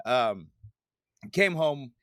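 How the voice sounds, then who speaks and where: A man's voice: mid-range voice, very slow, smooth, no echo, studio quality. Forty-year-old man telling profane stories. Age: 40s. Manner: profane, animated storytelling. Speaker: podcast host. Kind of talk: casual chat.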